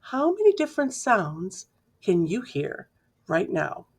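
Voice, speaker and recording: A woman reading a children's picture book aloud slowly and clearly, imitating the sounds in the story with playful mouth noises. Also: medium pitch, wildly swooping pitch, darkish tone. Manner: slow, clear reading to young listeners. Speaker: storybook reader.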